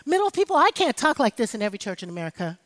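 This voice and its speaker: A woman's voice: on the high side, sing-song, rapid-fire. A woman preaching an impassioned sermon, rallying the congregation with call-and-response. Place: church sanctuary. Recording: live hall with long reverb.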